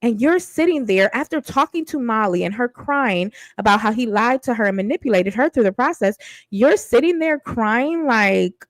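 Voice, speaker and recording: A woman's voice: a little high, animated, moderate pace, no room sound, poor audio. A woman giving blunt, sassy commentary on a reality dating show, casual and mocking.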